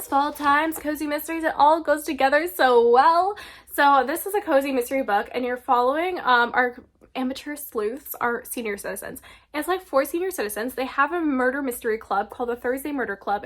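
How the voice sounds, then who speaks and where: A young woman chatting casually and excitedly about books she loves, with lots of filler words. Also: sits high. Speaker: book reviewer. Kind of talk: casual book recommendation vlog.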